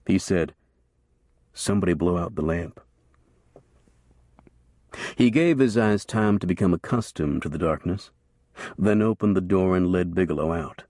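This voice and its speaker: A man narrating a western novel as an audiobook in a steady, measured storytelling voice. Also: sits low, dry recording, clean studio sound.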